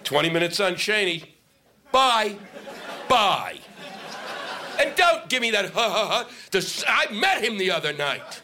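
A man doing a stand-up comedy set on stage, ranting and swearing with shouted bursts. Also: high-pitched, big pitch swings, moderate pace, a faint crowd. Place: comedy stage before a live audience. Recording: live stage mic with noisy audience.

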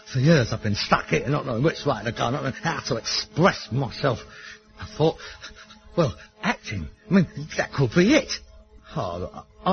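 An actor playing a touchy, pompous, working-class would-be actor, middle-aged, in a sitcom. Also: male voice, fairly high pitch, dull audio. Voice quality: boastful, indignant. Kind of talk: sitcom acting.

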